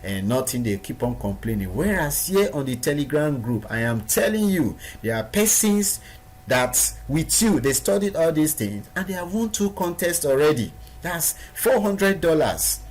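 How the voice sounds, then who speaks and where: A man's voice: on the high side, big pitch swings, normal speed, a little mellow. A man giving a recorded training lesson to his students, stressing points by repeating words. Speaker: online business trainer.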